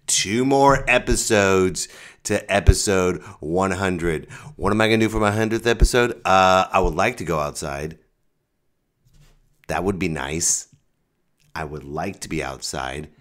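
Lively low-voiced comedian host. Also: male voice. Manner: jokey, animated, self-mocking. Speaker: podcast host, stand-up comedian. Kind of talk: comedic solo podcast monologue.

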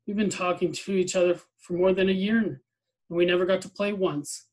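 A man's voice: sits high, steady tone, normal speed, rough recording. Bruno, an earnest young boy, read by a man. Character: curious, well-meaning young boy. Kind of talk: reading a novel aloud.

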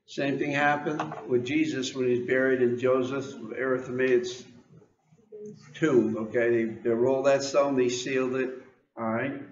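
A man's voice: mid-range voice, fairly even intonation, measured pace, roomy sound, dull audio, a little hiss or hum. An American man preaching an informal sermon, reading scripture and asking the congregation questions, often repeating words as he goes.

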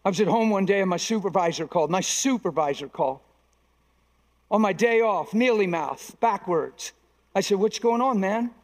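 High-voiced preaching man in a hall. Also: moderate pace. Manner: emphatic preaching, acting out quoted dialogue in stories. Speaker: pastor. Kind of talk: sermon. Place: large conference hall. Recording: long reverb of a large hall.

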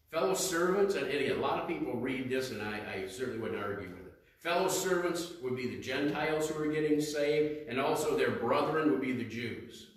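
A man's voice: medium pitch, expressive, moderate pace. A male pastor preaching a sermon in a conversational style, questioning the congregation and reading scripture aloud. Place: church sanctuary. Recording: echoey church hall, mic at a distance.

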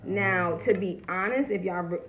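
A woman's voice: lowish voice, moderate pace, muffled recording, slight background noise. A woman chatting bluntly and profanely on a phone livestream, greeting viewers as she talks. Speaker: livestream host. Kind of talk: casual livestream chat. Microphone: phone camera.

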